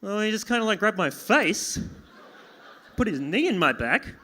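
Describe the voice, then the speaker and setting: A young man with a high, bright, forceful voice does stand-up. He mocks himself and acts out little scenes, jumping into squeaky yelps and frantic begging. He plays it for a live pub crowd. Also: sing-song, normal speed. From Australia. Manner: self-deprecating, acts out dialogue with sudden yelps and pleading. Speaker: stand-up comedian. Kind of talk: stand-up comedy set. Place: small pub venue with live audience.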